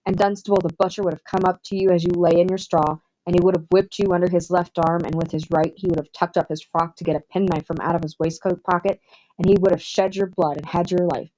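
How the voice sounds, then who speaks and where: A woman's voice: on the low side, fairly even intonation, quick pace, warm tone, lightly acted, rough recording. A woman with a Southern US accent voicing a pompous, self-satisfied older man who lectures at the dinner table. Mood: pompous lecturing.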